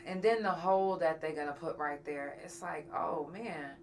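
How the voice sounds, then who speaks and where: A woman's voice: sits low, sing-song, measured pace, a little hiss or hum. A woman, a podcast host and singer, chatting casually and candidly with her live viewers, swearing freely.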